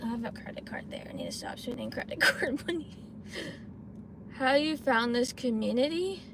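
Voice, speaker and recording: A woman's voice: high voice, animated, normal speed, noisy background. A young woman streaming from her parked car, chatting to viewers and ranting with plenty of swearing. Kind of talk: casual live-stream chat.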